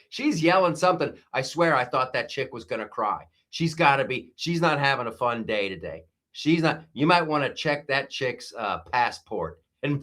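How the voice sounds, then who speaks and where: A man, a comedian, hosts a live stream and riffs excitably through casual commentary, with frequent fillers. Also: on the high side.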